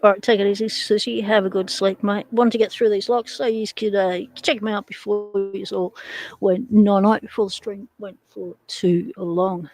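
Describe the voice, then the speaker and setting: A woman's voice: mid-range voice, fairly even intonation, moderate pace, a little mellow, poor audio. An Australian woman hosting a casual livestream, rambling and chatting with viewers while she takes hardware apart. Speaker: livestream host.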